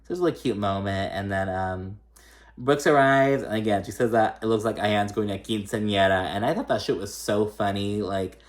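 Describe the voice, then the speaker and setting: A man dishes on a reality show in a loose, gossipy recap. He talks casually, swears freely, and slips into quick impressions of the people he's describing. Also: lowish voice. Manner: chatty, profane, gossipy, acts out quoted lines.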